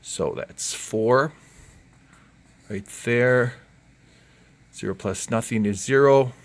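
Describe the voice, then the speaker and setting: A man's slow, medium-pitched voice carries a home learning video lesson, where he casually encourages children through the work and reasons out loud.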